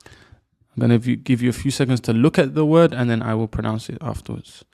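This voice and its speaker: A man teaching letter sounds, slowly repeating each sound for the learner to copy. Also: medium pitch, gravelly, a little mellow, dry recording, studio quality. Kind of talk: pronunciation lesson.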